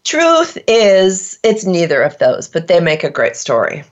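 A woman's voice: lowish voice, huge pitch swings, measured pace, highs cut off. A woman hosting a podcast in casual chat, playful and emphatic, laughing often. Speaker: host.

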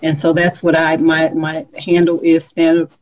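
Low-voiced woman on a dull line. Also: completely flat delivery, normal speed. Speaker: guest. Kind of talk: reflective interview answer.

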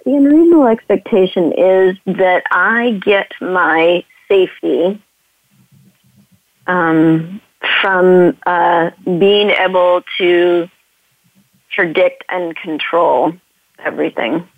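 A woman taking part in a coaching session, speaking in a halting, hesitant and emotionally raw way over a tinny phone line. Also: fairly low pitch, dry recording. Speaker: session participant.

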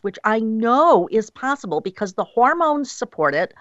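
A woman's voice: a little high, sing-song, moderate pace, no room sound, dull audio. A woman speaking passionately as a radio guest, acting out the voices of people she quotes. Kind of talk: radio interview.

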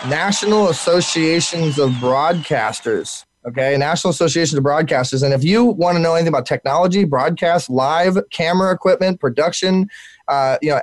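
A man hosting a live internet talk show, energetic and full of fillers and repeated words, while sick. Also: fairly high pitch, no room sound.

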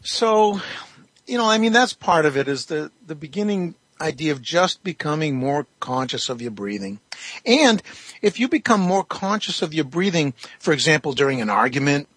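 A man in a radio interview walks through his breathing practice, calm and explanatory, with easy fillers. His voice sits a little high and has a husky edge. The sound is close and dry. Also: normal speed, dry recording. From Canada. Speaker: breathwork teacher, guest. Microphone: phone line.

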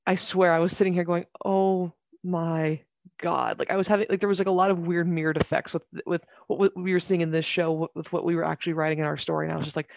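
A podcast guest in casual chat, excitable and gushing, talking in quick bursts. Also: medium pitch, vocal fry, no room sound, clean studio sound.

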